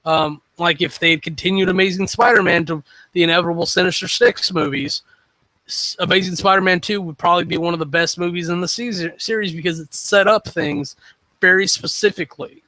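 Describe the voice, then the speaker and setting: Male podcast host, casual and opinionated, rambles, bright tone, fairly high pitch. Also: fairly even intonation, a little fast, no echo, poor audio. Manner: rambling, frequent ums and restarts, opinionated. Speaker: web show host. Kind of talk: casual solo podcast review.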